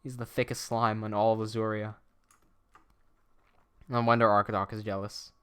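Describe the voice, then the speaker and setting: A man's voice: on the low side, flat delivery, normal speed, a bit bright, clean tone. A young man animator chatting casually on a livestream; he reads the chat aloud, laughs often and swears a lot. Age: young adult.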